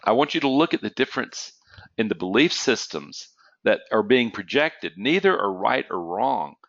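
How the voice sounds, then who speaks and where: A man with a lowish, gravelly, slightly bright voice speaks in a sing-song way at a moderate pace. His online trading psychology lecture is conversational storytelling with frequent "okay?" check-ins and the odd cough. The sound is dry and lacks highs.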